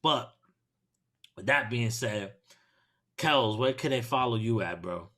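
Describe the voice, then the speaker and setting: Profane, excitable Brooklyn podcast host. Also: male voice, medium pitch, takes it slowly. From Brooklyn, New York. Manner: profane, excitable, laughs often. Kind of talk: casual chat.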